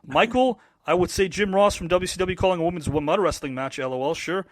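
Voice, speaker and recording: A man's voice: high-pitched, dry recording. A man hosting a casual online show, teasing his guests and reading out viewer comments. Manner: teasing, quick, reads viewer comments aloud. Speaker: podcast host. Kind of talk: casual chat, quiz-style banter.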